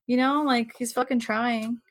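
A woman's voice: on the high side, steady tone, measured pace, dry recording. A woman from Arizona co-hosting a casual podcast, rambling and swearing constantly. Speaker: podcast co-host. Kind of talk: casual chat.

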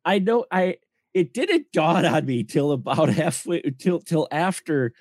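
A man co-hosting a podcast, explaining things in an animated, emphatic way in casual chat. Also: a little high, unhurried, no echo, studio quality. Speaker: podcast co-host.

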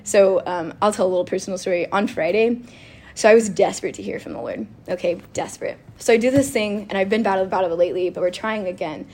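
A woman chatting casually about faith and telling a personal story, animated and quick to laugh, with lots of "like". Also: medium pitch. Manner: animated and giggly, with frequent laughter and filler "like".

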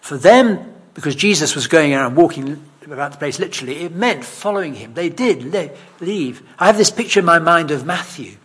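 A man's voice: fairly high pitch, lively intonation, fairly quick, slightly rough. A man preaching a sermon in a conversational, emphatic, self-deprecating way.

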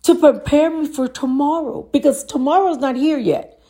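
Earnest woman with a gravelly voice. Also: high voice, normal speed, warm tone. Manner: earnest, rhetorical questions to the listener. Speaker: motivational speaker. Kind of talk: motivational talk.

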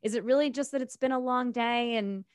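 A woman co-hosting a podcast, telling a personal story in a casual, animated way with laughs and self-talk asides. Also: fairly high pitch, brisk, clean tone, dry recording, studio quality. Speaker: podcast co-host.

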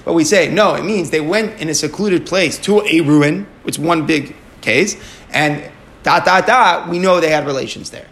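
A man's voice: a little high, normal speed, fairly bright tone. A man teaching a Talmud lesson, explaining step by step and asking and answering his own questions, with Aramaic and Hebrew terms mixed in.

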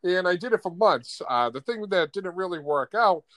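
A man hosting a podcast, telling a profane story in an animated casual chat. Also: sits high, moderate pace, dry recording. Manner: animated, profane, laughs often.

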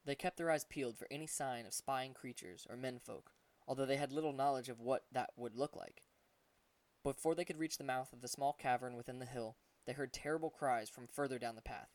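A man narrates an adventure audiobook with even, unhurried storytelling at a mid pitch. The sound is dry with no room echo, and he sits a little away from the microphone. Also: recorded from a distance. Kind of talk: audiobook reading, voicing characters.

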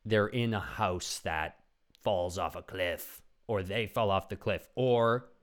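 A man's voice: lowish voice, slow pace. A young man hosting a podcast in a casual, rambling comedic monologue, swearing freely and acting out voices of people in his stories. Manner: rambling, animated, swears a lot, acts out voices. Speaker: podcast host.

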